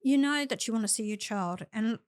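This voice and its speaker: A woman's voice: fairly high pitch, fairly quick, no echo. Older Australian woman, dry close sound. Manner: earnest, plain-spoken advice with anecdotes. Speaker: senator, guest. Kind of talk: interview conversation.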